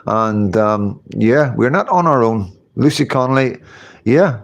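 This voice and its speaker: A man's voice: mid-range voice, lively intonation, a little slow, gravelly. Rambling man, live chat. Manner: rambling, repeats phrases, swears casually. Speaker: livestream host reading chat.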